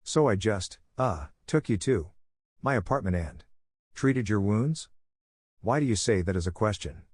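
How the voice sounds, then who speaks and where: An awkward, kind-hearted young man acted out by a male narrator stumbles through halting, uncertain sentences. The voice is lifted above the reader's low register, and the recording is close and dry. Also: animated, dry recording. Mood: nervous. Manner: nervous, unsure, trailing questions. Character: jittery, friendly young man villain-to-be.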